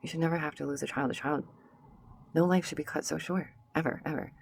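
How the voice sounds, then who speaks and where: A woman's voice: sits low, fairly even intonation, fast talker, vocal fry, a little hiss or hum. A woman vlogger giving sassy casual commentary straight to her viewers, slipping into mocking voices.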